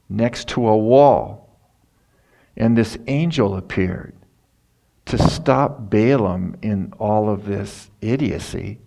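Slow, gravelly preacher man. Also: medium pitch, darkish tone. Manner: folksy, storytelling. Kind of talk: sermon.

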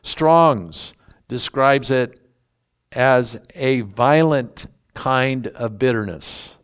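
Preaching from Scripture, the pastor leans into a folksy, emphatic style and draws out important words. He has a smooth, medium-pitched voice with elongated words.

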